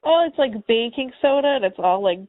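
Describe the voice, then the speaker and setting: A woman's voice: high-pitched, expressive, a little fast, dry recording. A woman co-hosting a podcast, mostly gasping and exclaiming in reaction. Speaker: podcast co-host. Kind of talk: casual chat with reactions. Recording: dry, phone-like sound.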